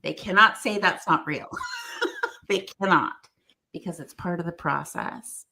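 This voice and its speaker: A middle-aged woman with a low, gravelly voice tells a story to a podcast host. She acts out the voices of the people she quotes with lively animation. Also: normal speed. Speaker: guest. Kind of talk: storytelling in conversation.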